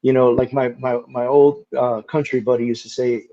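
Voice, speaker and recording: As an interview guest, a man with a medium-pitched voice tells stories casually and in a lively way at normal speed, swearing easily and saying "like" a lot. The audio is dull.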